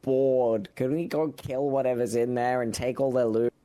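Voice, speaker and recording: A man's voice: medium pitch, fairly even intonation, moderate pace, warm tone, no echo. Impatient man eager to get moving. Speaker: tabletop game player. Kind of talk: playing a tabletop game.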